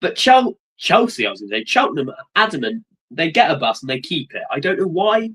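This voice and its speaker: Young male streamer, excitable rambler, sharp bright tone. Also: on the high side, fairly quick, breathy edge, rough recording. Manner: rambling, excitable, swears casually. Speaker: livestream host. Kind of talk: casual watchalong chat.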